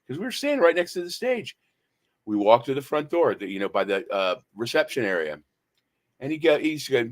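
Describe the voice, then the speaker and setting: A man's voice: mid-range voice, animated, a little fast. Man, radio show host, casual rambling chat, hesitant. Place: talk radio studio.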